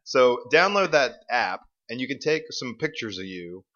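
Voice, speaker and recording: A man's voice: mid-range voice, sing-song, moderate pace, sharp tone, muffled recording. A man joking and rambling through casual gaming chat as a podcast co-host, swearing freely.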